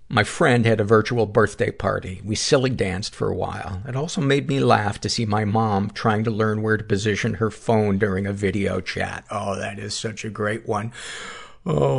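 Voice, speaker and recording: Gravelly low-voiced man reading notes. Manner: wry asides between readings. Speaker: podcast host. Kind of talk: reading listener submissions aloud.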